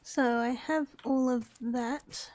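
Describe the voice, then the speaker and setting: High, mellow Australian woman gaming. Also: steady tone, slow. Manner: chatty, thinks aloud to herself. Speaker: gaming YouTuber. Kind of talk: casual let's-play commentary.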